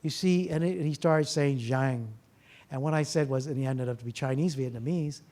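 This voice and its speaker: Before a live audience, a male therapist tells stories, asks rhetorical questions, and brings the dialogue to life with animated character voices. He speaks at a normal speed with a medium pitch.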